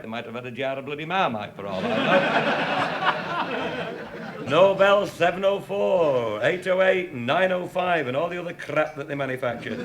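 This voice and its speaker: A man telling comic anecdotes in a dry, earthy way, swearing casually and chuckling at his own jokes. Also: on the high side. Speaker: comic storyteller.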